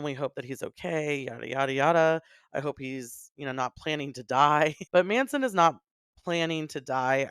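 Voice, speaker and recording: Woman podcaster talking earnestly about lyrics, smooth clear voice, dry close mic. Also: low-pitched, dry recording. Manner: emotional, voice breaking near tears. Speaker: podcast co-host. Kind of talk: casual chat about an album.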